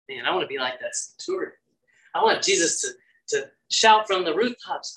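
A man's voice: high-pitched, animated, a little fast, a bit bright, poor audio. A man preaching a devotional sermon in an earnest, prayerful way, acting out quoted lines with lifted energy.

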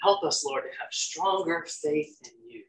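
A man's voice: on the high side, expressive, a little slow, fairly bright tone, rough recording. A man preaching a devotional sermon in an earnest, prayerful way, acting out quoted lines with lifted energy.

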